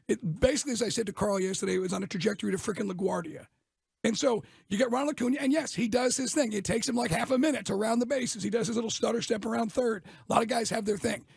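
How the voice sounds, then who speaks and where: A man's voice: high voice, fast, gravelly, husky, dry recording, studio quality. A man co-hosting a sports radio show, ranting in a heated, fired-up way.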